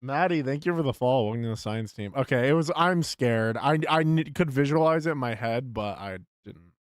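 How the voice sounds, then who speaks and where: A man's voice: medium pitch, lively intonation, a little fast, no echo, studio quality. A young man live-streaming, chatting to his viewers as he guesses games, muttering and swearing at misses. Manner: hums game tunes under his breath.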